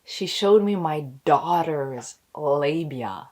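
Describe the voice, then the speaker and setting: A woman's voice: deep voice, lively intonation, darkish tone. A young woman, a stay-at-home mom, telling a story to her camera in a casual, emotional way, holding back tears. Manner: emotional, talks slowly, near tears. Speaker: vlogger, expecting mother.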